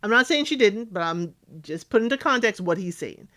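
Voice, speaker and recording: A woman's voice: mid-range voice, expressive, brisk, sharp tone. A woman giving casual recap commentary on a reality dating show, acting out cast members' lines as she talks.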